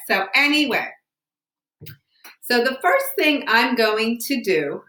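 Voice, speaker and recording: A woman's voice: a little high, sharp tone, echoey room. A woman teacher giving a science lesson from home, asking patient, encouraging questions. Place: home room.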